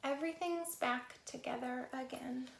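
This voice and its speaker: A woman reading a picture book aloud to children as a storyteller, lively and talking straight to her young listeners, sometimes dropping into a soft whisper. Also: high voice, moderate pace, vocal fry, echoey room, noisy background. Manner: animated, talks straight to children, drops to soft whispers for asides.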